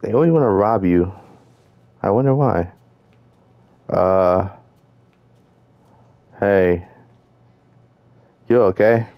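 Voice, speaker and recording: A man's voice: on the low side, slow pace, long pauses, no echo, lo-fi sound. Swearing, joking gaming commentator man. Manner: casual, swearing, joking reactions. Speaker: gaming streamer. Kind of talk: let's play commentary.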